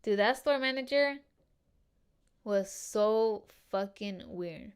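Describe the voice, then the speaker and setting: A woman's voice: mid-range voice, takes it slowly, smooth. Swearing, slangy young woman podcaster. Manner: swears a lot, slangy and animated. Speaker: podcast host. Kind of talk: casual solo podcast monologue.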